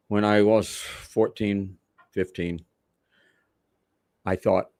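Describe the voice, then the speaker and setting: Guy from manchester, lowish voice, dry close sound, rambles and backtracks a lot. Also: dry recording. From Manchester, England. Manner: rambling, animated, self-correcting storyteller. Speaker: wrestler guest. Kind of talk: interview storytelling.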